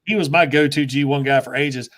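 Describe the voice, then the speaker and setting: A man's voice: mid-range voice, a little fast, a bit bright. A man hosting a casual live chat, explaining collectible figures with enthusiasm. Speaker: toy reviewer and host.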